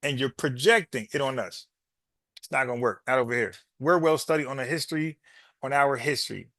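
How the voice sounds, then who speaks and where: A man's voice: medium pitch, fairly quick, a bit bright, no room sound, clean studio sound. A man hosting a podcast, arguing with a caller, repeating his points and calling him bro. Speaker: podcast host. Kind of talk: heated call-in debate.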